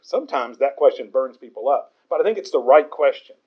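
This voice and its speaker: A man's voice: medium pitch, lively intonation, fairly quick, muffled recording. A man preaching a conversational Bible sermon in an earnest way, often stumbling over repeated words.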